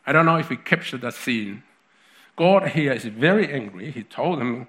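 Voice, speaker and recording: A man's voice: medium pitch, lively intonation, a little slow, a bit bright. A man preaching a sermon in a conversational way, with frequent restarts and asides.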